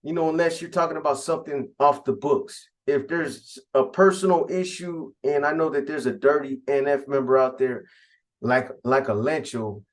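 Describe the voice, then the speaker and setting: A man's voice: medium pitch, steady tone, moderate pace. A man casually recounting a prison gang story in profane street slang.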